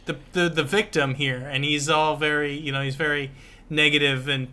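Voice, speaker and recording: A man with a bright, forward voice pitched a little high co-hosts a casual book discussion. He explains the story carefully, stopping and restarting his sentences. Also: flat delivery, clean tone. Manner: explanatory, halting with many restarts. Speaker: podcast co-host.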